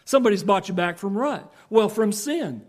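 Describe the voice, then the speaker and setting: A man's voice: high voice, lively intonation. A man preaching a sermon, explaining scripture earnestly and emphatically, with rhetorical questions to his listeners. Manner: reads scripture slowly in old-fashioned English.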